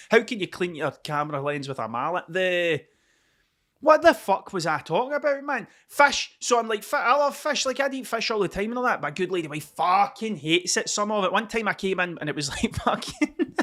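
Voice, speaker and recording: A man's voice: on the high side, sharp tone. A Scottish man hosting a podcast, rambling through a casual, sweary, self-mocking monologue from a cold room at home. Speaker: podcast host. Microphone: camera mic.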